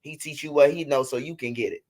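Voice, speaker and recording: A man's voice: a little high, fast. Trash-talking Chicago man on a livestream. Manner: trash-talking, mocking, repetitive. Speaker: commentary host of a street news channel. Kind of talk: casual livestream commentary.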